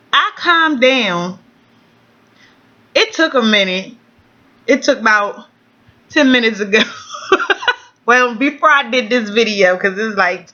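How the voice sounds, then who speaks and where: A woman's voice: a little high, sharp tone, muffled recording. A woman venting in a casual home vlog, blunt and outspoken, swearing freely. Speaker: vlogger.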